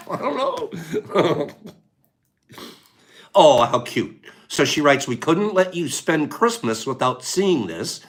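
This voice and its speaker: A man hosting a casual livestream, chatting to viewers in an animated way and laughing often. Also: fairly high pitch. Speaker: livestream host.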